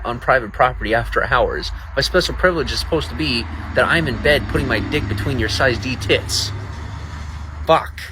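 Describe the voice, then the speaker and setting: A man's voice: mid-range voice, fairly bright tone, a little hiss or hum, poor audio. A man live-streaming outdoors at night in the rain, ranting in a profane and sarcastic way to his chat. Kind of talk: late-night livestream rant.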